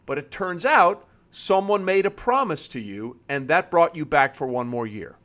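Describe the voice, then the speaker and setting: A man's voice: on the high side, animated, moderate pace, a bit bright. A man hosting an interview, recapping past events at length before handing over to his guest. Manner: sets up questions with narrative recaps. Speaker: podcast host.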